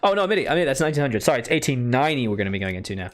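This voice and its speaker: A man's voice: mid-range voice, very animated, rapid-fire. Man, let's player, mumbles his moves aloud, self-deprecating, faint music under the voice. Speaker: strategy game let's player. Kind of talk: casual gameplay commentary.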